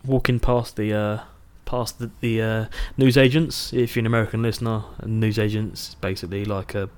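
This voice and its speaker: A man's voice: fairly low pitch, normal speed, clear, resonant tone. British man in his twenties, storytelling. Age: 20s. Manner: animated anecdote telling, swears casually. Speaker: podcast co-host. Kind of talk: casual chat, storytelling.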